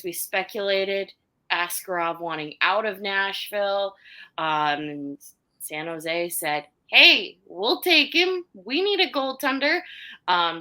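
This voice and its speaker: A woman's voice: lowish voice, sharp tone. A woman co-hosting a hockey podcast in casual, chatty talk, trailing off with ums as she runs through the news. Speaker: podcast co-host. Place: hotel room.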